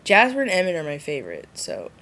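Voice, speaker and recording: A woman's voice: huge pitch swings, quick pace, fairly bright tone. Giggly rambling woman vlogging. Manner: rambling and giggly, jumps high for quoted voices. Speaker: vlogger answering a viewer challenge. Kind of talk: casual rambling vlog chat.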